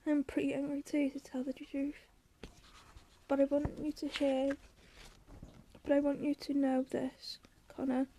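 A woman reading the part of a gravely ill mother who speaks softly and tenderly, sometimes through tears. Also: high-pitched, completely flat delivery, a little slow, pauses often, slight background noise. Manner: soft, tender, pleading. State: crying in places.

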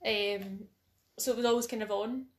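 A woman's voice: on the high side, fairly even intonation, a little fast, a crowd in the background. A young Scottish woman co-hosting a podcast, chatting casually, often laughing and swearing. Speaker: podcast co-host. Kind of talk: casual chat.

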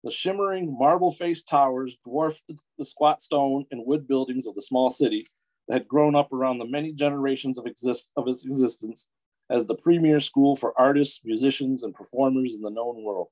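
A middle-aged man from Detroit reading his own fantasy story aloud in a measured storytelling way. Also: mid-range voice, darkish tone, low-quality recording. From Metro Detroit, USA. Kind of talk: audiobook-style fiction reading.

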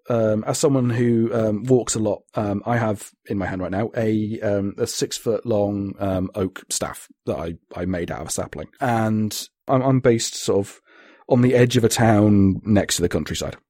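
A man with a husky voice, chatting casually on a podcast in a rambling, sweary way. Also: on the low side, moderate pace, darkish tone, no echo, clean studio sound. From Britain. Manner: rambling, sweary, laughs often. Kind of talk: casual chat.

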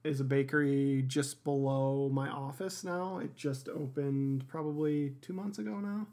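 A man's voice: medium pitch, a little slow, darkish tone. A man co-hosting a casual podcast at home, chatting in an easygoing, wry way. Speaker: podcast co-host. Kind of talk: casual chat.

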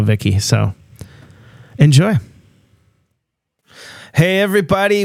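A man's voice: mid-range voice, vocal fry, no room sound, clean studio sound. A man in his forties hosting a podcast, chatting in an easygoing, rambling way with lots of fillers. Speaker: podcast host. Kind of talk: casual interview chat.

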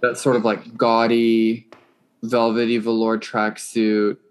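A man with a mid-pitched, ordinary voice hosting a podcast. He steers each segment in an easygoing, casual way, chatting through the picks one by one. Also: completely flat delivery, slow, smooth. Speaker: podcast host. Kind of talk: casual chat reviewing a reality show.

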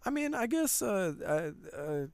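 A man in casual chat with a friend, relaxed and agreeable, quoting lines from a movie. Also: high-pitched, measured pace, smooth.

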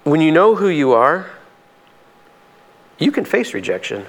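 In a conversational yet emphatic sermon, a pastor lets his voice climb high on the key points. He speaks in a sing-song way at a measured pace.

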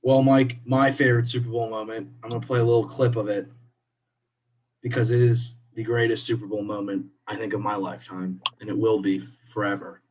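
A man's voice: on the low side, level tone, brisk, a little mellow, a little hiss or hum. Chatty upbeat guy co-hosting a podcast. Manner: chatty, upbeat, drifts into laughs. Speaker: podcast co-host. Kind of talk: casual chat.

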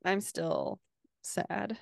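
A woman's voice: on the low side, huge pitch swings, extremely slow, gravelly, dry recording, studio quality. A woman co-hosting a podcast in casual chat, telling stories with frequent laughs. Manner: chatty storyteller, laughing often. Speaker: podcast co-host.

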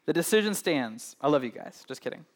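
Chatty pastor with a fairly high voice. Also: male voice, sing-song, a little fast. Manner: conversational, tags "right?" often and banters with the congregation. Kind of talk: sermon.

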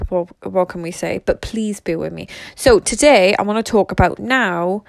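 A woman's voice: mid-range voice, moderate pace, vocal fry, no echo. Young woman, casual rambling monologue, frequent swearing, dry recording. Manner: rambling, swears freely, lots of "like" and "you know". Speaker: social media creator.

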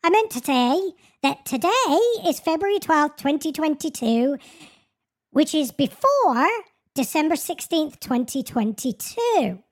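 A woman's voice: high voice, big pitch swings, a little slow, pitched above the performer's own voice. A woman voicing a sassy female AI chatbot with a put-on English accent, prim, stubborn and condescending. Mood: insistent.

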